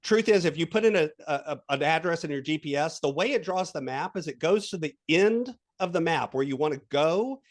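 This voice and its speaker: Lively higher-voiced male coach. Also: a little fast, few pauses. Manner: animated storytelling with quoted voices; coaching, guiding the listener. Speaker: guest coach. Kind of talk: podcast interview.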